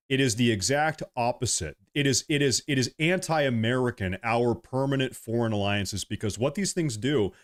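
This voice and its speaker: Young male streamer, mid-pitch, heated and repetitive political rant, occasional swearing. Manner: passionate ranting, repeats himself, swears. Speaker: political commentator livestreaming. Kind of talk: heated livestream monologue.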